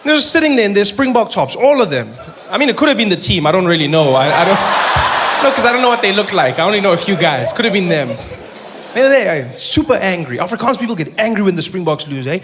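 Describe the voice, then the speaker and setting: A man's voice: high-pitched, fast. A male stand-up comedian with a South African accent, telling jokes playfully on stage and slipping into impressions. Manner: animated, playful, slips into impressions. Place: live comedy venue with audience. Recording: live show with crowd and noise. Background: audience crowd.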